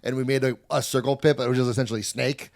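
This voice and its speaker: A man guesting on a podcast, telling excitable, laughing stories in casual chat. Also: mid-range voice, very fast, creaky, no echo, clean studio sound. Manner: laughing, excitable anecdotes about metal shows.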